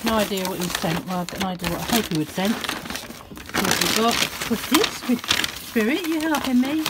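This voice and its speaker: A woman chatting excitedly on a casual vlog as she opens a parcel. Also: medium pitch, fast, very noisy. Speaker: vlogger. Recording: loud crinkling and clicks close by.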